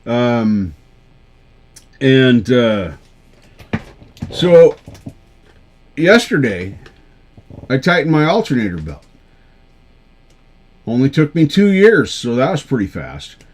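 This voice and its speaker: A man's voice: medium pitch, big pitch swings, slow, pauses often. A man hosting a live karaoke stream, chatting casually with viewers in a rambling, self-deprecating way. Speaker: livestream karaoke show host.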